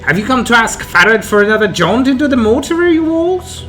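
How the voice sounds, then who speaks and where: A man's voice: very high-pitched, sing-song, fairly quick, a bit bright, soft background music, voice pushed up, heavily acted. A man voicing a scheming, wheedling old man who leans on a crutch, reading game dialogue aloud. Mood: sly wheedling. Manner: wheedling, sly.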